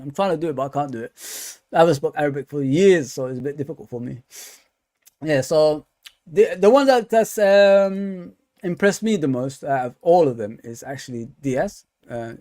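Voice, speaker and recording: Chatty football fan hosting a live stream. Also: male voice, fairly high pitch, mellow. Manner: casual and chatty, with many fillers and repeats. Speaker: fan channel host.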